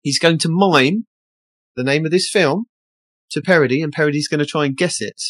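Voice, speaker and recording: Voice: mid-range voice, fairly quick, fairly bright tone, no room sound. A podcast host reading out comedy game tasks in a chatty, playful way. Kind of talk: casual chat.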